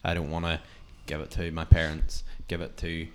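A man's voice: extremely low pitch, completely flat delivery, normal speed, a little mellow, slight background noise. A young man, talking earnestly and with emphasis in a casual chat.

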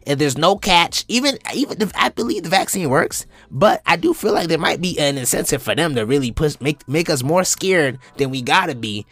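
Animated young man with a bright voice. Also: a little fast, few pauses, no echo. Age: 20s. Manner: animated, profane, jumps into high-pitched impressions. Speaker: comedian podcast host. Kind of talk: comedic monologue.

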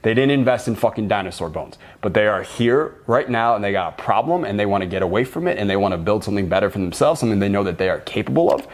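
Low-voiced blunt male mentor host. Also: animated, fast talker, hardly any pauses. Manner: blunt, swears freely, emphatic. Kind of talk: casual podcast conversation.

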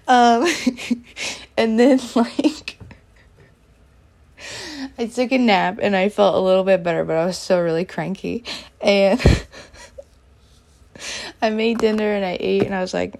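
A young woman chats through a casual diary-style vlog, candid and rambling, full of fillers and small giggles. Her voice has a gravelly, fry-touched edge at a middle pitch. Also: unhurried, long pauses. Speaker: vlogger.

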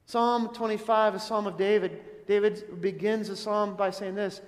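A man's voice: high voice, fairly even intonation, moderate pace, in a large hall. A man preaching a sermon in an earnest, questioning way, often asking his listeners something. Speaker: pastor.

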